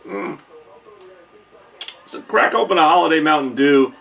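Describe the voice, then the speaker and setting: A man's voice: on the high side, lively intonation, measured pace, vocal fry, fairly bright tone. A man hosting a casual holiday livestream chat, playful and teasing, repeating lines for effect. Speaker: livestream host.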